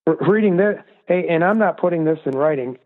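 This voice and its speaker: A man's voice: fairly high pitch, brisk. A man, a guest author, talking earnestly and emphatically in a casual interview. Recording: distant echoey phone line.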